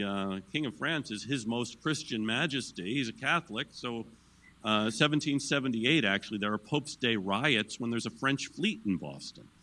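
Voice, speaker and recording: A man in middle age lectures on history to an audience, taking questions. His voice sits fairly low yet rings bright and forward. He tells anecdotes with animated energy, pushing pitch and volume up as the story builds. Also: low-quality recording. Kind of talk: public lecture answering questions.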